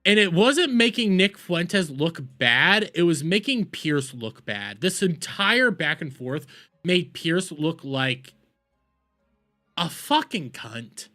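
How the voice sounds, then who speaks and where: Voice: medium pitch, sing-song, slow pace, sharp tone, soft background music. A streamer giving casual reaction commentary, profane and rambling. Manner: profane, rambling, scrolls while talking.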